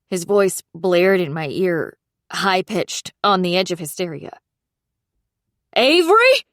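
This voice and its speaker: A woman narrating a thriller audiobook in the first person, in a measured, subdued reading. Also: fairly low pitch, no echo, clean studio sound.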